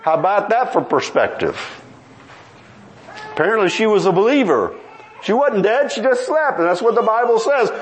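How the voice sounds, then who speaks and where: A man's voice: high voice, very animated, moderate pace, pauses often, a little hiss or hum, poor audio. A man preaching a sermon with drama, quoting old scripture and acting out the people in the story. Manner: dramatic, acts out voices, rising to near-shouts; quotes King James scripture.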